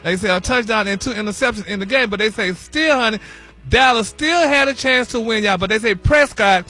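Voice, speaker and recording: A man's voice: high-pitched, fairly quick, sharp tone, soft background music. A man playing a flamboyant, sassy gossip host on a morning radio show, calling everyone honey and y'all. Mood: gossipy. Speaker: celebrity gossip correspondent. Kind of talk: comedic radio gossip bit.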